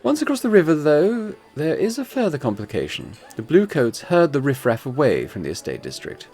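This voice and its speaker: A man's voice: fairly high pitch, wildly swooping pitch, a little fast, darkish tone, soft background music, pitched above the performer's own voice. A man voicing a posh, scheming woman crime boss in a haughty drawl, in a tabletop game. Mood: commanding.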